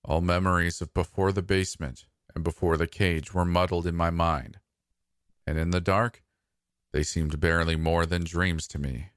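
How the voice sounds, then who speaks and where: A man narrating a scripted first-person horror story in a soft, intimate, slow manner. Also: low-pitched, flat delivery, clear, resonant tone, no echo, clean studio sound.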